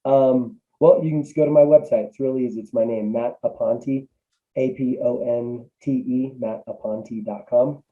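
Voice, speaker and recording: A man's voice: mid-range voice, steady tone, moderate pace, narrow, tinny audio. A man, a business coach guest, talking casually with many fillers and restarts over a remote call. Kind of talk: casual interview answers.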